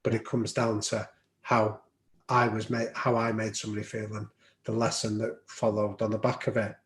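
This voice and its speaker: A man's voice: lowish voice, little pitch movement, normal speed. Reflective man in a roomy room. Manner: reflective, anecdotal, frequent ums. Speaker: podcast guest. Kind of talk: storytelling in an interview. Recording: roomy echo.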